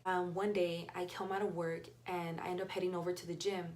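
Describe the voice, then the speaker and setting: A woman's voice: on the low side, flat delivery, fairly quick, darkish tone, a little hiss or hum. A young woman retelling a story in a casual, blunt and profane way, acting out the dialogue. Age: young adult. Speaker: vlogger.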